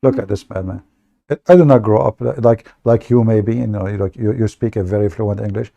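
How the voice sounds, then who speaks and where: A man from the Middle East speaks English with an Arabic accent, his voice low and gravelly with a dark, mellow tone. He talks bluntly and jokes at his own expense, often stumbling over and repeating words in a casual livestream monologue. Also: fairly quick, muffled recording. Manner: blunt, joking, self-mocking, repeats words. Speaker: online debate show host.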